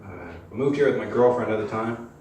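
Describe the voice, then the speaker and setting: A young man performing amateur stand-up in a comedy club, deadpan and hesitant, full of uhs and likes. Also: lowish voice, fairly quick. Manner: hesitant, deadpan, filler-heavy. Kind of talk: stand-up routine. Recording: echoey live club, mic at distance, room noise.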